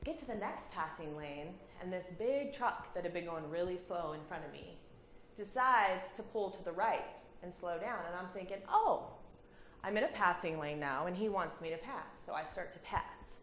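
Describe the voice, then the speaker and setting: A woman's voice: mid-range voice, slight background noise. A woman, telling a personal story as a guest speaker at a community hall. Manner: animated, laughing storyteller. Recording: roomy hall with faint ambience.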